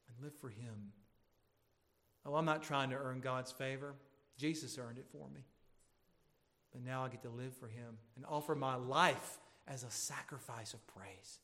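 A middle-aged man preaching a sermon as pastor, swinging from quiet, gentle passages to loud, emphatic exhortation. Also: mid-range voice. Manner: preaching with wide swings from hushed to shouting.

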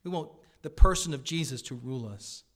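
A male pastor preaching a sermon at a church service, swinging between loud, emphatic declarations and quiet, earnest pleas. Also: medium pitch, lively intonation, brisk.

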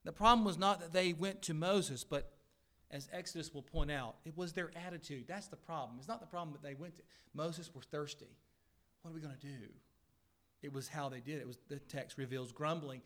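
Earnest preaching man, slightly high voice. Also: a little fast, fairly bright tone. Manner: earnest preaching with sudden rises in pitch and volume, dry asides. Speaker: pastor. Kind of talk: sermon. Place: church sanctuary.

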